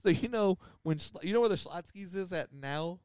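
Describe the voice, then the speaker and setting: A man's voice: sits high, lively intonation, normal speed, a little mellow, smooth, no echo, studio quality. A man, telling a rambling story on a podcast with lots of laughter. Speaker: podcast host. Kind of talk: casual storytelling.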